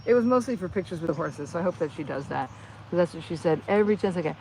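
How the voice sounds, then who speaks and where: A woman's voice: fairly high pitch, fast talker. Chatty New Jersey woman live-streaming. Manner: chatty, excitable, reads viewer comments aloud. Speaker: channel host. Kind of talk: casual live-stream chat.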